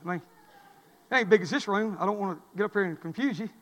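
A man's voice: high voice, fast talker, fairly bright tone. A man preacher, delivering an impassioned, repetitive sermon in a church. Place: church sanctuary. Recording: long hall reverb.

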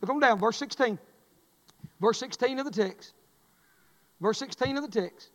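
A high-pitched man preaches in a church, his voice trailing off in a long hall reverb. He tells folksy stories and swings from quiet asides up to loud shouted refrains. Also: moderate pace. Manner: folksy, storytelling, rising to shouts. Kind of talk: sermon. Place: church sanctuary.

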